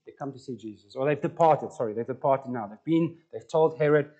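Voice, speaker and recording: A man's voice: medium pitch, brisk, warm tone, muffled recording. A man preaching a conversational sermon and putting questions to the congregation. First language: Afrikaans. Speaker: pastor.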